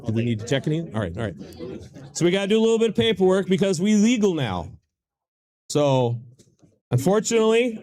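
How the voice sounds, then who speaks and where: A middle-aged Midwestern man calls out raffle numbers at a convention, his voice pitched high. He banters in a playful, self-mocking way while speaking into a handheld mic. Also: a little mellow. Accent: Midwestern American. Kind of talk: joking live emcee banter into a mic. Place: convention hall.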